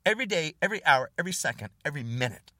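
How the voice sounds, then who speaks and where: An older American man, an online video host, rants angrily straight to camera, hammering short jabbing phrases and insults over and over. His voice sits on the high side, rapid-fire, pushed and bright, with big pitch swings. The recording is dry and captured from a distance.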